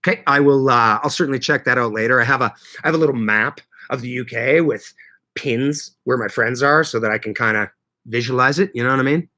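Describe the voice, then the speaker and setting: Bright-voiced Canadian man chatting live. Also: mid-range voice. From Canada (Manitoba). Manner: chatty, greets viewers loudly, quick laughs. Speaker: livestream host reading chat. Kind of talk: casual livestream chat.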